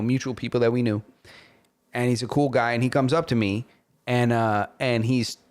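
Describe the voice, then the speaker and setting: A man co-hosting a podcast, telling a story in an animated casual way and saying "bro" often. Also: medium pitch. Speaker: podcast co-host. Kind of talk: casual chat.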